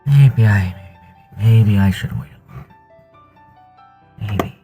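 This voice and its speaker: A man chatting on his stream while still out of breath, halting and trailing off between sighs. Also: fairly low pitch, dark tone, slightly rough, faint music behind. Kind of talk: casual stream chat.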